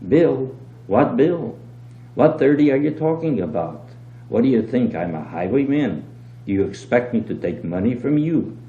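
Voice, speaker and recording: A man reading aloud and voicing a shrewd, calm innkeeper who talks with wheedling mock innocence. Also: fairly low pitch, fairly quick, hardly any pauses, close to an everyday voice. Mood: mock indignant. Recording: dull, roomy old home tape with hum.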